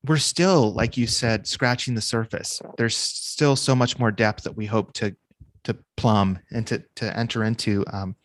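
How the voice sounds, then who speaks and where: A man's voice: lowish voice, fairly even intonation, measured pace. A man co-hosting a podcast, speaking in a thoughtful, reflective way. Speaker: podcast co-host. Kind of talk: casual interview talk.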